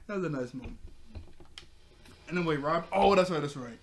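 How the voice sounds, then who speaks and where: A young man casually recapping a cartoon episode, excitable and repetitive, often laughing between lines. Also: a little high, brisk. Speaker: TV episode reviewer. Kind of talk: casual video review, retelling scenes.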